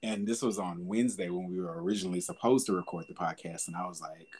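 A man's voice: low-pitched, fast, darkish tone, slight background noise. A young man hosting a podcast, talking candidly and conversationally about hard times, with fillers and repeated words. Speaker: podcast host. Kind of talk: reflective podcast monologue.

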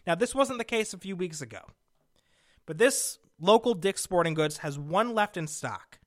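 A man's voice: high voice, expressive, moderate pace, fairly bright tone, dry recording. A young adult man hosting a radio show, telling a long story with fillers and rising exasperation, speaking into a studio microphone. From Connecticut. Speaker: radio host. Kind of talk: casual storytelling monologue.

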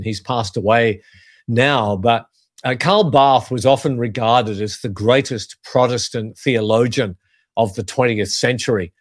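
A man preaching as a pastor, earnest and measured, leaning on key phrases for emphasis. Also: medium pitch, no echo, clean studio sound. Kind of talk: sermon-style teaching.

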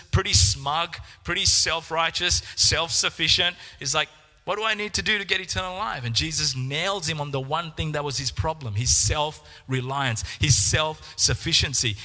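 Male preacher, fairly high voice, animated delivery with repeated words, reverberant hall. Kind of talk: sermon.

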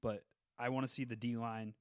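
Mid-pitched male podcast co-host, dry. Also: flat delivery, no room sound. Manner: earnest, talks in quick bursts with fillers. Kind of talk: casual chat.

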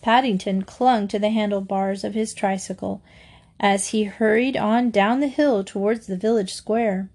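A woman reading a children's storybook aloud in a gentle, steady storytelling manner. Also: medium pitch, moderate pace. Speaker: storybook reader.

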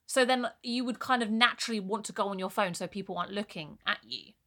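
A young woman chatting on a podcast, her voice bright and clear. She tells her stories candidly and easily, dropping in a casual swear here and there. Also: medium pitch, fast. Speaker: podcast co-host. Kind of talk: casual chat.

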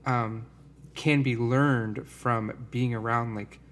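A man's voice: mid-range voice, fairly even intonation, slow pace, fairly bright tone, a little hiss or hum. A man talking earnestly and rambling a little, full of fillers, in a casual conversation about faith.

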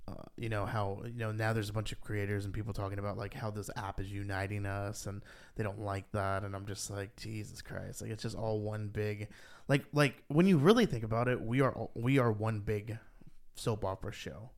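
A man co-hosting a podcast, chatting casually and rambling with lots of "like", his voice rising when he gets worked up. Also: a little fast. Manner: rambling, heavy use of "like", rises in pitch when animated. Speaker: podcast co-host. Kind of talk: casual chat.

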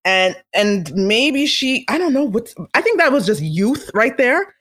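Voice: mid-range voice, very animated, unhurried, a bit bright. A vlogger in a casual, chatty monologue, opinionated and playful, now and then slipping into comic voices. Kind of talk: casual celebrity gossip monologue.

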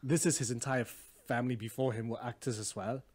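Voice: medium pitch, fairly even intonation, a little fast, darkish tone, slightly rough. A podcast co-host chatting casually and playfully, often slipping into mock voices. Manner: playful, does mock voices when quoting. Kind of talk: casual chat.

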